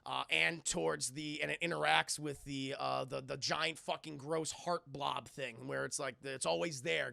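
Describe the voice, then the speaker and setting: A man hosting a live stream, retelling a film scene by scene in an animated, rambling way. His voice is high, bright and very gravelly. He swears freely and keeps calling out to his chat. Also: no room sound. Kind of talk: casual live-stream recap.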